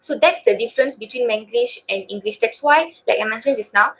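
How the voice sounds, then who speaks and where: A woman's voice: a little high, a little fast, fairly bright tone, breathy edge. A young woman from Malaysia with a Malaysian accent gives a casual student webinar presentation, full of fillers. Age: young adult. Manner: chatty, filler-heavy, casual. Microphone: video call. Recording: dull lo-fi call audio.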